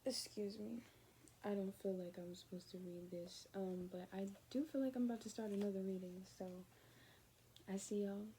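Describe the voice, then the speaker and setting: A woman's voice: medium pitch, fairly even intonation, normal speed, mellow, a little hiss or hum. A woman giving a casual, rambling spiritual reading to her viewers, often dropping to a near-whisper. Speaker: spiritual card reader.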